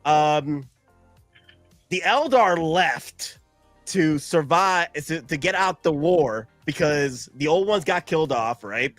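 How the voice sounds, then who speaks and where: A man hosting a casual stream chat who talks in an excitable, rambling way and laughs often. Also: fairly high pitch, slow pace, no room sound, soft background music. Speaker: streamer host.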